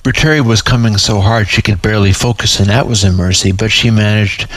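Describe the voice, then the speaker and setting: A man reading aloud his own story in a measured, even storytelling manner. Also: on the low side, no room sound, rough recording.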